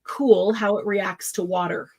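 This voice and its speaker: A woman's voice: medium pitch, steady tone, a little slow, breathy edge, poor audio. Chatty woman hosting a live craft sale. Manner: chatty, laughs often, lists product colors. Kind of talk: casual live sale chat.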